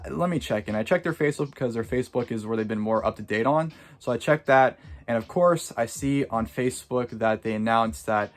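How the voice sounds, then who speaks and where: A male vlogger recounts events in a loose, rambling way, peppering his speech with "like" and "uh". He talks quickly, and his voice sits at an ordinary middle pitch. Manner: rambling, full of "like" and "uh". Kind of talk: casual storytelling to camera.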